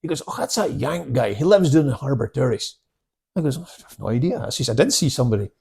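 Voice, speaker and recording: Gravelly older man telling stories. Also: medium pitch, very animated, quick pace. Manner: anecdotal, acts out both sides of dialogue with sudden loud bursts. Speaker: karate instructor, guest. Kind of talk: casual storytelling chat.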